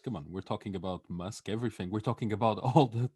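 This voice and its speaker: A young man co-hosting a podcast tells a story in a casual, comedic way, swearing a lot, laughing often and acting out other people's lines. His lowish voice is quick, a little mellow and breathy-edged, recorded with studio quality and no room sound.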